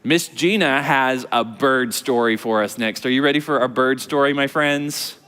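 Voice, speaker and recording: A man's voice: medium pitch, normal speed, sharp tone, smooth. A man hosting a library storytime for children, encouraging them and introducing songs. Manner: cheerful, encouraging, leading children in song. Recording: reverberant library hall.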